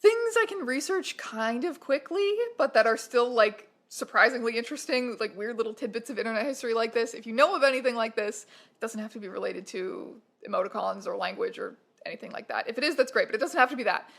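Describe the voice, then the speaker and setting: A woman hosting a casual internet-culture commentary vlog, talking in an animated, emphatic and playful way. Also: a little high, fast talker, gravelly. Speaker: YouTube host.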